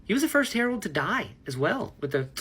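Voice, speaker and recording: A man's voice: high voice, very animated, fairly quick, a bit bright, husky. A man talking casually to camera about a book he is reading, rambling and enthusiastic, laughing at himself. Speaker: book vlogger. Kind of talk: casual book reaction vlog.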